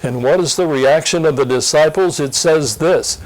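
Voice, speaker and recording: A man presenting a scripted Sunday school lesson preview in an earnest, expressive teaching tone. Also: a little high, normal speed, poor audio. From Pennsylvania.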